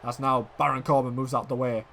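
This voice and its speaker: Commentating on a wrestling video game, a man with a gravelly voice calls the action excitedly and a little fast, dropping to quiet murmurs before breaking into shouts.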